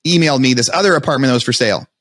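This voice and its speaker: Fast-talking man telling his story. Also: mid-range voice, no echo. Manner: fast, animated retelling with frequent restarts and quoted self-talk. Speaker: podcast guest. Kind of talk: storytelling in a podcast interview.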